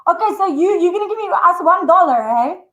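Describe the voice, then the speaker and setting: A woman's voice: very high voice, animated, fairly quick, a bit bright, echoey room, highs cut off. A woman with an Afrikaans South African accent, a guest on a live video call, bubbly and teasing and slipping into Afrikaans. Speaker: guest, awards organiser. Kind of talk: playful live-stream chat.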